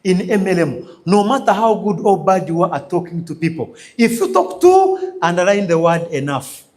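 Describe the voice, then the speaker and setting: Ugandan man, motivational trainer, high and animated delivery, drills points with call-and-response. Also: normal speed. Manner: emphatic, repetitive, calls out questions for the audience to answer. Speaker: business trainer. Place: training session before a live audience.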